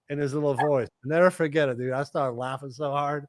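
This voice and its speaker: A middle-aged man, a guest musician, telling stories in casual chat. He is animated, swears freely and acts out other people's lines. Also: on the high side, fairly quick, few pauses, no room sound.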